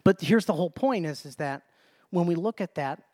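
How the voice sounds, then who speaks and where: A man's voice: high-pitched, expressive, normal speed, a little mellow, dry recording. A man preaching a Bible study sermon in an emphatic way, often repeating phrases and restarting mid-sentence.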